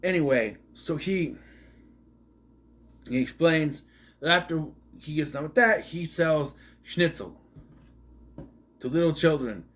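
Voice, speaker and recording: A man's voice: on the high side, slow pace, long pauses, a bit bright. A man giving a casual, rambling movie review with sarcastic asides and frequent restarts.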